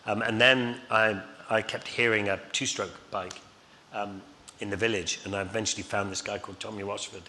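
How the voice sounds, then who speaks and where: Male guest, middle-aged, chuckles through his stories, crisp tone, faint noise in the room. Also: lowish voice, flat delivery, fairly quick, bright, forceful tone. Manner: rambling, chuckling, many fillers. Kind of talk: anecdotal storytelling on stage. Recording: reverberant hall, faint noise.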